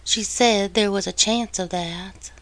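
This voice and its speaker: A woman's voice: medium pitch, a little slow, lightly acted. A woman playing a coy Southern gold digger. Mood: flirtatious. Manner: coy, sweetly flattering.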